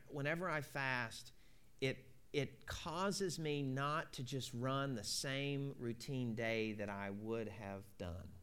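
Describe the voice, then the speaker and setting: A man with a mid-range, slightly bright voice preaches a conversational sermon. He tells stories in a folksy manner, acts out both sides of a conversation, and keeps repeating "you know."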